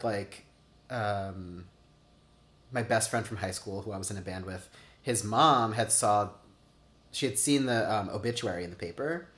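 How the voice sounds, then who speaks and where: A man in his thirties, interviewed for an oral history, telling personal stories casually with lots of "like" fillers and acted-out quotes. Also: fairly low pitch. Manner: chatty, many "like" fillers, acts out quotes. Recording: roomy echo.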